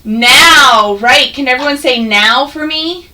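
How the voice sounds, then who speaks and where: A woman teaching first graders an online phonics lesson, patient and encouraging, sounding words out slowly. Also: sits high, pushed and bright, distant mic, low-quality recording.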